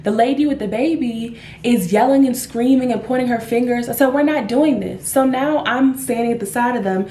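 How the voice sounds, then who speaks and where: A woman flight attendant telling a casual storytime, animated and acting out the passengers. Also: on the high side, a little fast, hardly any pauses. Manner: animated, acts out the people in her story. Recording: echoey room with faint noise.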